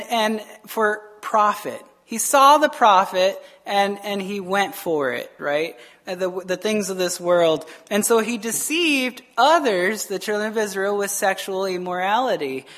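Animated man preaching, fairly high voice. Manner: animated storytelling with frequent "right?" asides and laughs. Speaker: pastor. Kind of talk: casual expository sermon.

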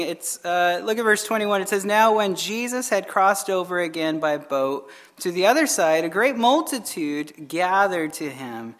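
Pastor reading scripture in a reverberant hall. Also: male voice, a little high, fairly bright tone. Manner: reads scripture aloud, then comments conversationally. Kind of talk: Bible study reading and commentary.

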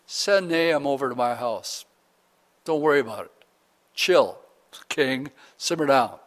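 A man voicing a calm, unbothered prophet who speaks in an easygoing, offhand way. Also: mid-range voice, a little slow, big-room sound.

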